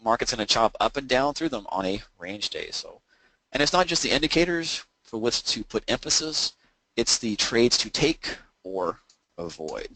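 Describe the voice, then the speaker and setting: A man's voice: medium pitch, sing-song, moderate pace, bright, forceful tone, dry recording, low-quality recording. A man coaching traders in a webinar, explaining step by step in a conversational way, with frequent fillers and restarts. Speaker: trading coach presenting a webinar. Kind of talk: webinar presentation.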